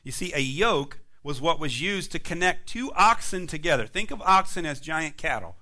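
A male pastor delivers a sermon with a high, bright voice. His pitch swings widely as he builds emphatic repeated phrases. He preaches in a church sanctuary. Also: lively intonation, moderate pace.

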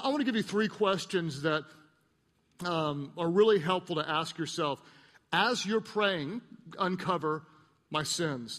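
A middle-aged man preaches from a church stage, his voice sitting high and ringing bright. He tells stories with lively, acted-out voices and gently mocks himself. The big hall carries a long reverb behind him. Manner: animated storyteller, acts out voices and mocks himself. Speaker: pastor. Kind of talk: sermon.

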